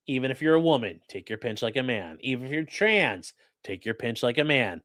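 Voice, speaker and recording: A male attorney hosting a live crime stream, riffing on court footage with swearing, jokes and quick put-on voices. His pitch leaps around and his tone is bright and forceful. He is close on the mic in a dry, dead-sounding room. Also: no echo. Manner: animated, profane, joking, does voices.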